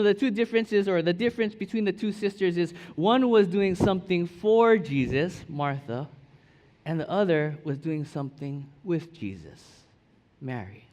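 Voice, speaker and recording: Chatty pastor in a reverberant hall. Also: male voice, sits high, a little mellow. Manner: casual, storytelling with many fillers and restarts. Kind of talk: sermon. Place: church sanctuary.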